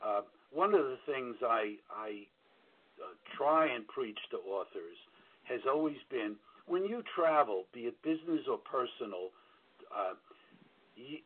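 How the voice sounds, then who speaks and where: A blunt man with a New York accent gives straight-talking advice as an auditor on a call-in broadcast. He talks plainly, trips over fillers and restarts, and doesn't sugarcoat anything. His voice comes through thin and tinny, like radio over a phone line. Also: mid-range voice. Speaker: book royalty auditor.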